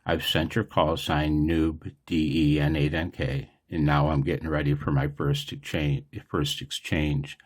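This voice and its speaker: Low, husky man for a laid-back radio hobby vlog, slow and chatty, wanders off topic. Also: little pitch movement. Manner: rambling, chatty, digressive. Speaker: amateur radio operator. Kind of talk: casual explanatory vlog.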